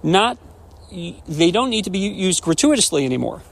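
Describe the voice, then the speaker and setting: A man in his forties, a rabbi, telling stories and jokes on a podcast in an animated way, often restarting words. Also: high-pitched, normal speed, gravelly. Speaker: rabbi and educator. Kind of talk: podcast storytelling.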